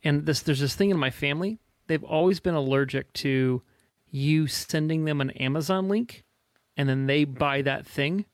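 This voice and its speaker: Man, raised gravelly voice, self-deprecating anecdote teller, dry recording. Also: on the high side, moderate pace, dry recording. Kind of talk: casual conversational storytelling.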